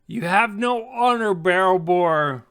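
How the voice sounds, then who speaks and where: Earnest young half-elf lady scholar, guy putting her on, slow and a bit gravelly. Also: fairly high pitch, fairly bright tone, heavily acted. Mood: indignant.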